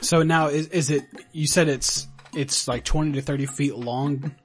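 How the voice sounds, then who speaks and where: A man's voice: a little high, fairly even intonation, moderate pace. A young man from Florida co-hosting a podcast, teasing and cracking jokes in casual chat. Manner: joking, teasing, interjecting. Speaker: podcast co-host.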